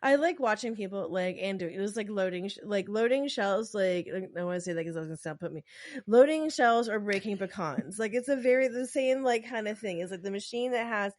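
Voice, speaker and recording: A woman's voice: mid-range voice, expressive, a little fast, a little mellow, dry recording. A woman co-hosting a podcast, chatting casually and rambling with lots of filler words. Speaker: podcast co-host.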